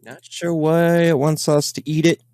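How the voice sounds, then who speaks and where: Reviewing his team's captured recordings, a man who hunts the paranormal chats on a podcast, rambling loosely and leaning on fillers. His voice sits on the high side with fairly even intonation, a moderate pace and a darkish tone, recorded dry in a clean studio.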